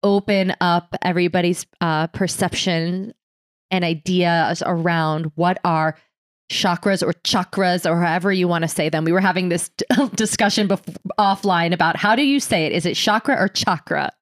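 A woman's voice: on the low side, moderate pace, no room sound, clean studio sound. A woman hosting a podcast, chatty and easygoing as she introduces her guest. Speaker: podcast host. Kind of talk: casual interview chat.

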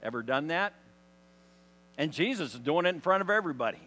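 A man's voice: on the high side, lively intonation, brisk, bright, forceful tone. A man preaching a sermon in a conversational storytelling style, full of rhetorical questions, in a church hall. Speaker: pastor. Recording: long hall reverb.

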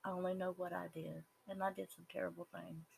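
A speaker with a Southern US accent gives an earnest, halting personal testimony, with some words dropping to a whisper. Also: medium pitch, flat delivery, vocal fry, slight background noise, poor audio. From Southern United States. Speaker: person sharing their life story.

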